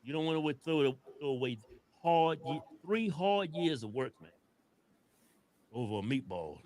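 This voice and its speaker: A man's voice: on the high side, sing-song, unhurried, noisy background. A man co-hosting a casual political chat, teasing his partner with mock accusations and frequent laughter. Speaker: co-host.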